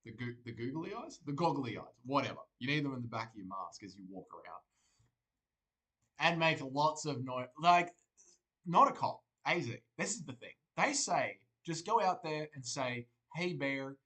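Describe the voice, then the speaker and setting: A man's voice: medium pitch, expressive, normal speed, bright, forceful tone, poor audio. An Australian man streaming live, joking, rambling and swearing as he reads viewer comments aloud. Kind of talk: casual livestream chat.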